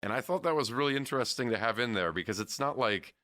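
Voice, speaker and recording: A man's voice: mid-range voice, lively intonation, fast talker, sharp tone, dry recording. A man co-hosting a podcast, discussing a film in a thoughtful, analytical way with hesitant restarts. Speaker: podcast co-host.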